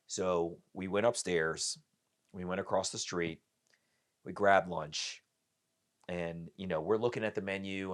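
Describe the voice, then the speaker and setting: A middle-aged man with a fairly low voice tells a personal story as a podcast guest. He is animated and acts out each person's voice as the story unfolds. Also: normal speed.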